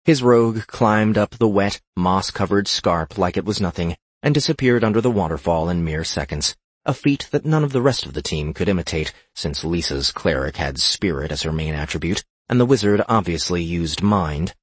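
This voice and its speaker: A man reading a fantasy gaming story aloud in a steady narrating voice. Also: sits low, moderate pace, slightly rough, dry recording.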